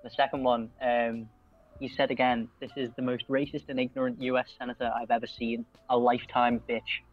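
A man's voice: mid-range voice, little pitch movement, fairly quick, muffled recording. A man co-hosting a casual chat show, rambling and swearing a lot, laughing often. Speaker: podcast co-host.

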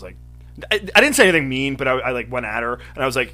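A young man spinning an animated, profane story in relaxed chat. His voice is bright and forceful, and he slips into quoted voices as he goes. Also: mid-range voice, very fast, faint music behind.

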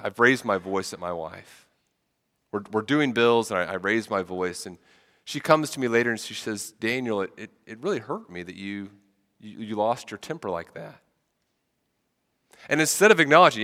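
A man's voice: mid-range voice, lively intonation, normal speed, sharp tone, big-room sound. A man preaching a sermon with a head cold, talking conversationally and often repeating words as he starts sentences. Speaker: pastor.

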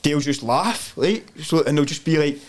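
A man's voice: fairly high pitch, normal speed. A Scottish man, a podcast guest, telling stories in casual chat and laughing often. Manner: animated storyteller, laughs often.

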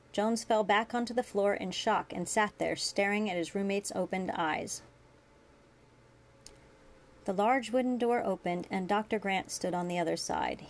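A woman reading her fan fiction aloud in a steady narrating manner. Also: mid-range voice. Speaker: story reader.

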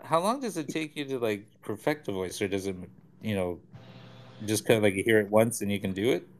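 A man's voice: lowish voice, lively intonation, a little fast. A man guesting on a comedy podcast, asking curious, laid-back questions. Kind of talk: casual chat.

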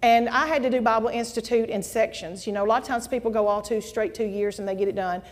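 A middle-aged woman giving a folksy, animated testimony to a church congregation. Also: on the high side, quick pace. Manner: folksy, animated storytelling, addresses audience as y'all. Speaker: guest speaker at church. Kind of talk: testimony sermon. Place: church sanctuary. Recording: long hall reverb.

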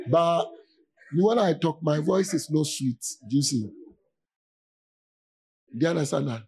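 Man, pastor, chatty sermon, husky voice, mellow dark tone, keeps asking if listeners follow. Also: a little high, expressive. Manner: informal, asks "do you see?" often, with laughs and pauses. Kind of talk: conversational sermon.

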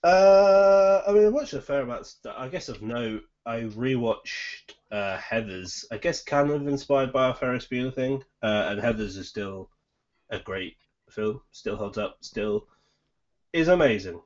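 A man's voice: mid-range voice, lively intonation, moderate pace. A young man co-hosting a casual chat, meandering and hedging as he talks. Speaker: podcast co-host. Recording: lo-fi muffled audio.

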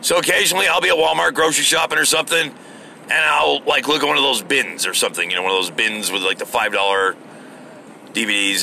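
With vocal fry and a pushed, bright sound at medium pitch, a middle-aged American man rants solo on his podcast. The talk is casual, exasperated and full of swearing, with a slight hiss or hum in the background.

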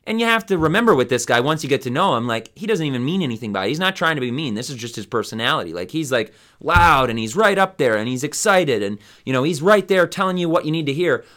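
A man's voice: a little high, very animated, fast talker, hardly any pauses, a bit bright. A man hosting a Bible study podcast, teaching in a casual, rambling way with many fillers and restarts.

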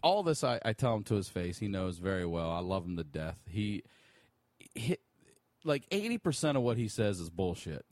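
A man guest on a podcast, telling a long story in a casual, profane, animated way. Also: sits low, normal speed, dry recording. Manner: profane, animated storyteller who laughs often.

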